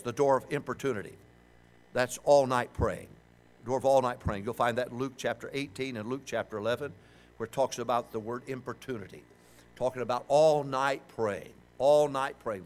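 Older male pastor, folksy and funny, slightly high voice, shouts key lines. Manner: folksy, humorous preaching with shouted emphasis. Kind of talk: sermon.

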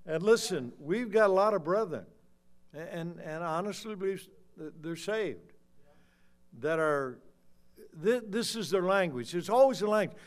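Fiery older preacher, high voice. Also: male voice, animated, measured pace. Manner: swings from low muttering to loud shouting. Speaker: pastor. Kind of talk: fiery sermon.

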